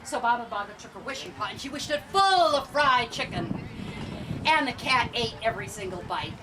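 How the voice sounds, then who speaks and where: A woman storyteller telling a tale to children in an animated way, quizzing the audience as she goes, filmed from afar on an outdoor festival stage. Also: fairly high pitch, fairly quick. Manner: animated, asks the audience questions. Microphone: far camera. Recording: distant camera, outdoor crowd noise.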